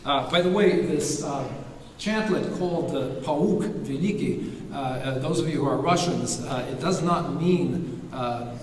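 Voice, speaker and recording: A man giving an academic lecture, halting with fillers and restarts, now and then singing a short chant phrase. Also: a little high, a little hiss or hum. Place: lecture hall. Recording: echoey hall recorded from far off.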